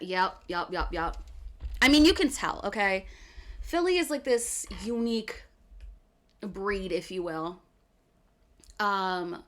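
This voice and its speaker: Chatty woman with a Philly accent. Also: lowish voice. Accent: Philadelphia area. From US East Coast, outside Philadelphia. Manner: animated, chatty, laughs often, keeps saying "okay". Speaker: streamer. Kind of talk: casual chat with stream viewers.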